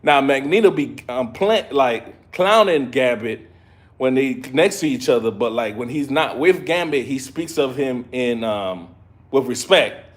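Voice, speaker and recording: A man giving a casual live review of an episode, retelling scenes in an excitable, slangy way. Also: medium pitch, unhurried. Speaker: show reviewer.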